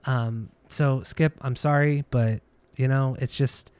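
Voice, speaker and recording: A man's voice: mid-range voice, steady tone, slow, darkish tone, clear, resonant tone, no room sound. Opinionated, swearing man co-hosting a podcast. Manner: opinionated, swears freely, argumentative. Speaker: podcast co-host. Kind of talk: casual chat about music and records.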